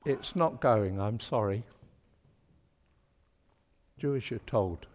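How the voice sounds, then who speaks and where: Preacher in a reverberant church. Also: male voice, on the low side, slow, darkish tone. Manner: chatty, wry and emphatic, with homely British turns of phrase. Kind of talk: sermon. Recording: long hall reverb of a church.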